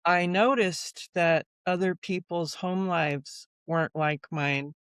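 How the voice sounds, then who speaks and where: A woman in her sixties, a guest author, speaking slowly and reflectively in an interview conversation. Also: on the low side, fairly even intonation, clean tone, no echo, studio quality.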